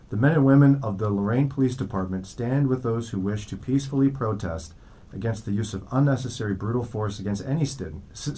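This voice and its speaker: A man's voice: fairly low pitch, dark tone, a little hiss or hum. A man hosting a morning radio show, reading news items aloud and joking with his co-host. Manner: reads news items aloud, then jokes around. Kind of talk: casual radio chat.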